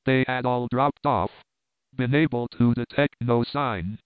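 A man's voice: medium pitch, measured pace, clear, resonant tone, dry recording. Man narrating a classic novel, tinny sound. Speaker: audiobook narrator. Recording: tinny phone-like audio, dry.

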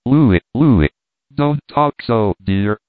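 A bossy, motherly older aunt who scolds and commands loudly, put on by a man reading aloud. The sound is tinny and narrow, like a phone line, in a dry space. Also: mid-range voice, a little slow, no echo, natural voice. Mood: chiding. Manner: chiding, loud, commanding.

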